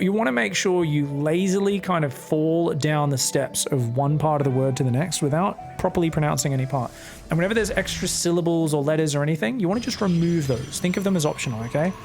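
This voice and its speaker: Australian male caster with an excitable, foul-mouthed, joking delivery over light background music. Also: on the high side. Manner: excitable, swears freely, joking asides. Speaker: esports caster. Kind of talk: solo game commentary.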